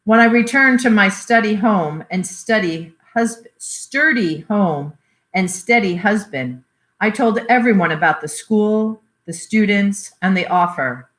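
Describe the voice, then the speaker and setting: A woman's voice: medium pitch, lively intonation, a bit bright. Woman reading a memoir in a roomy echo. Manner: measured storytelling with voiced quotes. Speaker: reader. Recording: roomy echoey recording.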